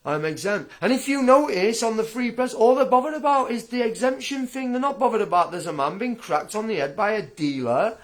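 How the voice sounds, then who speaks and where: A man's voice: very high-pitched, brisk, hardly any pauses. A man ranting straight to camera in a blunt, combative, indignant vlog monologue. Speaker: vlogger.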